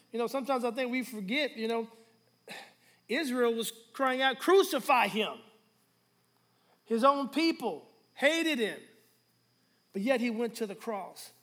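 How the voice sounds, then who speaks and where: A man preaching a sermon as pastor, drawing call-and-response from the congregation and swinging between hushed and loud slow phrases. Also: very high voice.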